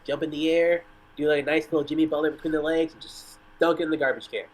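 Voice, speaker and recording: A man's voice: fairly high pitch, little pitch movement, quick pace, rough recording. A man from Michigan, a soccer reporter guesting on a podcast, talking frankly in a rambling casual way with many fillers. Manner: rambling, frank, full of fillers like "like" and "you know".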